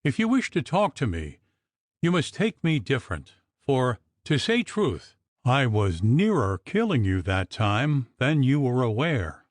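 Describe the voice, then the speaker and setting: A man voicing a grim, menacing male church clerk in an audiobook, with a hoarse, level voice and quiet threat. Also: mid-range voice, sing-song, measured pace, dry recording, studio quality. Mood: wary. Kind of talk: audiobook character reading.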